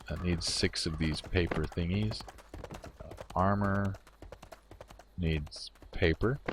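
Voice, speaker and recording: Very deep-voiced man streaming a game. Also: background noise. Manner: rambling, self-amused, thinks aloud. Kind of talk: casual gameplay commentary.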